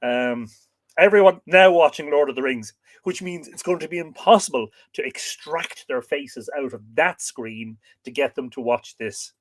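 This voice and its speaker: A man's voice: fairly high pitch, normal speed, no room sound. A man with an Irish accent hosting a livestream, chatting casually and enthusiastically with viewers and laughing often. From Ireland. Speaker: livestream host. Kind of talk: casual livestream chat, reading viewer comments.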